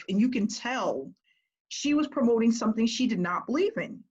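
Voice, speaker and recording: A woman business coach talking to her group in a casual, energetic way, often checking in with "right?". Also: medium pitch, fairly quick, husky, dull audio.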